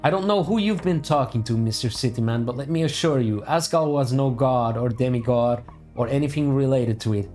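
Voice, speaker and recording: A man voicing a proud, short-tempered male dwarf foreman who talks slowly and with indignation. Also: medium pitch, darkish tone, soft background music, natural voice. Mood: indignant. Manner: indignant, drawn-out and raised.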